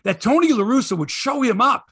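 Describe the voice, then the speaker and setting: A Canadian-accented man with a very high, breathy voice hosts a sports talk show at a brisk pace. Recorded with clean studio sound and no room echo, he tells stories animatedly, swears freely, and mimics other people.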